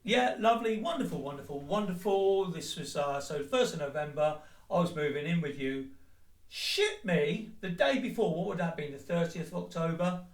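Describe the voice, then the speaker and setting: A man's voice: fairly high pitch, lively intonation, normal speed, far from the mic. A man in an angry, sweary rant, speaking straight to his ex. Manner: heated, sweary, addresses his ex directly. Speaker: vlogger. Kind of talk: angry personal rant to the camera. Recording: echoey room, voice away from the mic.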